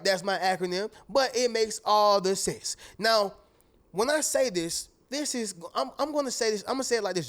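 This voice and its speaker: A man with a fairly high voice delivers a motivational monologue straight to his audience. He talks in a loose, preachy way and keeps hammering on his points by repeating them. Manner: preachy and conversational, addresses viewers as "y'all" and "family"; repeats key phrases for emphasis. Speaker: motivational speaker.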